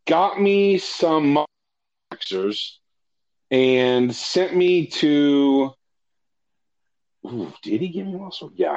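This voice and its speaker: Recorded with the highs cut off, this mid-range male voice belongs to a storyteller sharing a personal ordeal in a casual way. His telling is profane and full of self-corrections, livening up when he repeats what people said.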